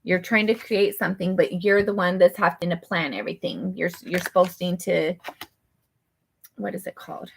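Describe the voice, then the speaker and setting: A woman's voice: fairly low pitch, normal speed, creaky, slight background noise. A woman giving a casual personal tarot reading, rambling along with lots of "like" and restarts. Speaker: tarot reader. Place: her apartment.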